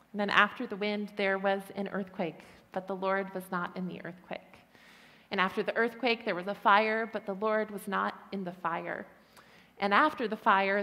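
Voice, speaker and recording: Woman preaching, earnest and gentle, voice ringing in a big church hall. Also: medium pitch. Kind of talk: sermon. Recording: long hall reverb.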